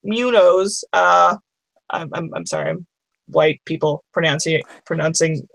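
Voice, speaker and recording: A woman's voice: low voice, little pitch movement, measured pace, creaky, fairly bright tone, no echo, rough recording. A woman co-hosting a podcast in casual chat, chatty and wry, with asides as she reads aloud. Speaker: podcast co-host.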